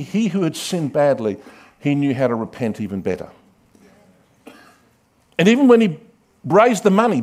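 A male pastor preaching a sermon, dramatic, swinging from loud calls to hushed asides and acting out quoted voices. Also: a little high.

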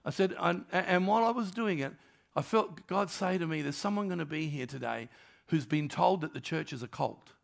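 High gravelly older preacher. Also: male voice, normal speed. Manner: animated storyteller, acts out dialogue, drops to soft tones. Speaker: pastor. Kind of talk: storytelling sermon.

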